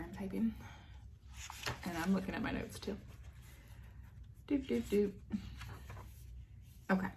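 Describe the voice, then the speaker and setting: A young woman talks through a guided meditation and morning chat in a soft, rambling manner, a little nervous. Her voice sits a touch low with a gravelly fry at the ends of phrases. Faint background hiss runs under the recording. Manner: soft-spoken, rambling, nervous, with frequent fillers and laughs. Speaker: vlogger leading meditation and oracle card chat.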